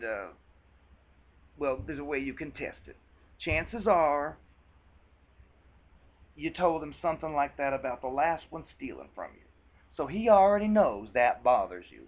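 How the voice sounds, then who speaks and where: A man's voice: medium pitch, narrow, tinny audio. A man with a country twang giving a rambling, earnest advice talk for a video. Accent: American country twang. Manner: rambling, earnest, with many restarts. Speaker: vlogger. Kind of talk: casual advice monologue.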